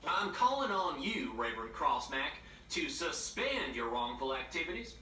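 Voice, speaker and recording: A man's voice: fairly high pitch, moderate pace, a little hiss or hum, voice pushed up. A man playing a smug drawling backwoods preacher. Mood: mock-solemn. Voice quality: folksy drawl, deadpan insults. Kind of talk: comedy sketch monologue to camera. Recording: roomy echo, slightly distant mic.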